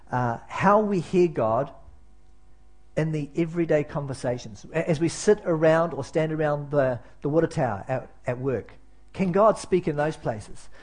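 A man's voice: fairly high pitch, darkish tone. A man preaching as pastor in a church, conversational and self-deprecating, with many fillers and restarts. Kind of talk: sermon.

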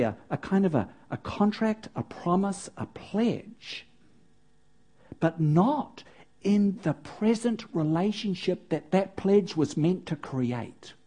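Husky, lively woman preacher. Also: on the low side. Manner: animated, with playful asides to the audience. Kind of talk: sermon with storytelling.

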